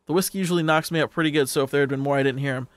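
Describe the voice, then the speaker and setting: A rambling, folksy old neighbor who drinks whiskey before bed and talks in a loose, meandering way, as a man reads him aloud during a game stream. The voice sits a little high. The sound is dry and close. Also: steady tone, racing, no room sound, lightly acted. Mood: chatty.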